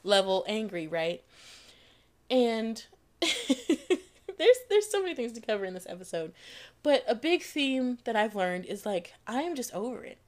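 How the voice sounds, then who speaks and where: A young adult woman hosting a podcast, telling a story in a casual, animated and profane way, laughing often mid-sentence. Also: a little high, measured pace. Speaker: podcast host.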